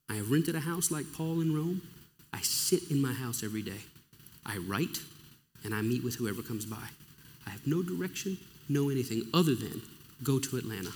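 A man's voice: a little high, a little hiss or hum. A middle-aged male pastor telling his story in a sermon, with emotional storytelling and acted-out dialogue. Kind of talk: sermon testimony. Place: church or conference hall. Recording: long reverb of a large hall.

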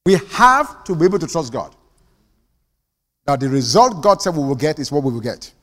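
A man's voice: fairly high pitch, very animated, normal speed, a bit bright, big-room sound. A man preaching a sermon as pastor, emphatic and calling for amens from the congregation. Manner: emphatic preaching with call-and-response.

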